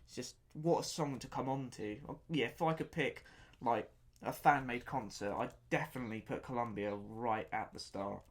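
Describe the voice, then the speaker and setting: On his own podcast, a man reviews an album in loose, unscripted talk, his mid-range voice moving at a moderate pace. He rambles with enthusiasm, repeating himself often and pausing to hunt for words.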